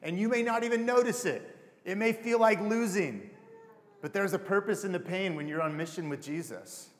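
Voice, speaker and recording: A man's voice: high voice, lively intonation, normal speed, long reverb tail. A man preaching a casual, heartfelt sermon to a congregation, calling them "you guys". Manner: casual, emotional, addresses crowd as "you guys". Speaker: pastor.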